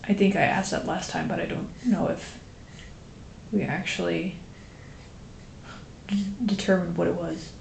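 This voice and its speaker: Slow, gravelly Dutch woman streaming. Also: lowish voice, fairly even intonation. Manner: rambling, many fillers, chats with viewers. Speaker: streamer drawing a graphic novel. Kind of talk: casual live-stream chat. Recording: roomy echo with faint noise.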